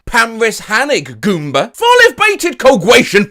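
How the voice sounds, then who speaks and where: A man reads odd online posts aloud for laughs, his pitch leaping all over the place. His voice is high and bright, recorded close and dry. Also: takes it slowly, hardly any pauses, smooth, no echo. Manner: animated, jokey, slips into silly voices. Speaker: comedy video host. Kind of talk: comedic commentary reading posts aloud.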